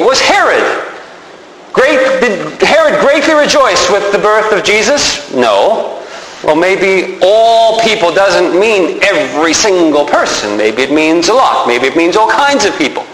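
A man's voice: high voice, sing-song, measured pace, fairly bright tone. A man teaching a sermon, asking his listeners rhetorical questions and answering them himself. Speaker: preacher. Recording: echoey hall with faint background noise.

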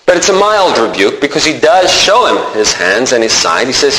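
A man preaching a sermon in an animated way, acting out the voices he quotes. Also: mid-range voice, normal speed. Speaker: pastor. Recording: roomy hall reverb, faint noise.

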